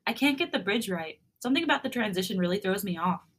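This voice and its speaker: A woman reading a fanfic, voicing a tender young husband in a soft, doting murmur. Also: mid-range voice, expressive, fast, slightly rough.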